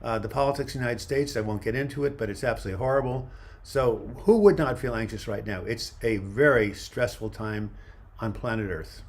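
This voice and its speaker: A man's voice: medium pitch, a little fast. Rambling man in his seventies. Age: 70s. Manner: rambling, reads comments aloud. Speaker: livestream host. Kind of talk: casual livestream chat answering viewer questions. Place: outdoors by a river waterfront. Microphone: phone held in one hand.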